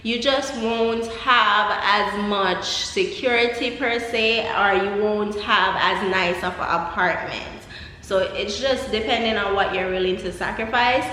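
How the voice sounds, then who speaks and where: Speaking at a measured pace, a young woman with a Jamaican accent chats as a vlogger, her medium-pitched voice pushed and bright. She laughs often and rambles through side comments. It's recorded in an empty apartment, so the sound echoes.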